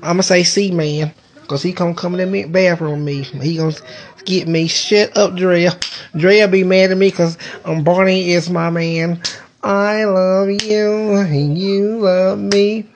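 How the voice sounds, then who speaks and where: A woman's voice: fairly low pitch, steady tone, normal speed, lo-fi sound, a little hiss or hum. A woman chatting casually on a live stream from home into a phone, rambling and swearing in a playful way. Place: indoors at home.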